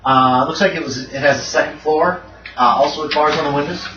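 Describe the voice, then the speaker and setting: A man's voice: a little high, fairly quick, bright, forceful tone, soft background music. A man narrating as game master in a tabletop horror game, describing scenes in a loose, casual way. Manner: loose, casual descriptions with frequent ums and laughs. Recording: dull, roomy recording from a distant mic with faint noise.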